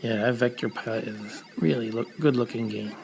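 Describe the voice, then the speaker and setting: A chatty man with a New York accent commentates his own retro gaming session for a small live-stream audience. His mid-pitched voice has a gravelly edge. A faint hiss of noise sits under the recording. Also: steady tone, normal speed, darkish tone, low-quality recording. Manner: chatty, easygoing, thinks aloud as he plays. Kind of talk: casual live-stream commentary while playing.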